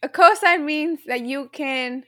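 A woman's voice: high-pitched, a little slow, fairly bright tone, dry recording, studio quality. A woman co-hosting a podcast in casual chat, playful, slangy and laughing often. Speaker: podcast co-host.

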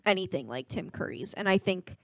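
A woman's voice: on the low side, animated, fairly quick, no room sound. A woman co-hosting a podcast in casual chat, sharing thoughtful opinions. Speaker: podcast co-host.

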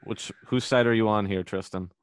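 A young man with a fairly low voice chats casually as a podcast co-host, rambling through his thoughts and joking with a loose, profane edge. The sound is dry and close. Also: fairly even intonation, normal speed, clean tone, dry recording. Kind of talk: casual chat.

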